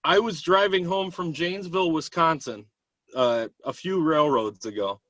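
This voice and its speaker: Higher-voiced man chatting, jokey. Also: moderate pace, a bit bright, no echo. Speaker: guest. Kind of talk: casual podcast chat.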